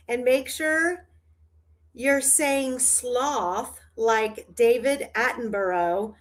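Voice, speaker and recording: A woman's voice: on the high side, extremely slow. A woman hosting a casual livestream chat, rambling through her thoughts with frequent restarts and laughter. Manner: rambling, trailing, laughs often. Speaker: livestream host.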